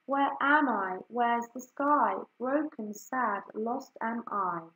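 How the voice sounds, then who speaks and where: A woman reading aloud, doing a sad, wistful moon with a lifted, sing-song voice. She speaks slowly in a roomy, echoey space. It is a gentle storybook voice for a lost, homesick moon. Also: on the high side. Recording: echoey room.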